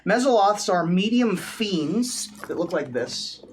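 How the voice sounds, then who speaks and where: Man running a tabletop game, halting. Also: sits high, noisy background. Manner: relaxed, halting, many fillers. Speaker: dungeon master.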